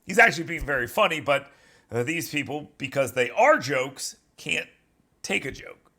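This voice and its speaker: A male talk show host whose commentary drips with sarcasm. His voice is gravelly and bright, a little higher than most men's, and he mocks what he reacts to. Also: expressive, normal speed. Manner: sarcastic, mocking. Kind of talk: opinion commentary.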